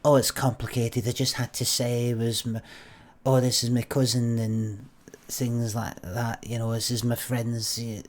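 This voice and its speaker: A man's voice: mid-range voice, little pitch movement, measured pace, natural voice. A man voicing a secretive, evasive English woman with a Blackpool accent who trails off vaguely.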